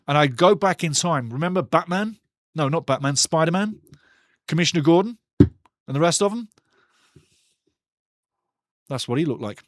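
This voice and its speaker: Guy hosting a soccer watchalong, fired up and ranty, kinda high voice, dry close sound. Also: expressive, normal speed, pauses often, no echo. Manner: passionate, ranting, chatty. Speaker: watchalong host. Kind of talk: live football watchalong commentary.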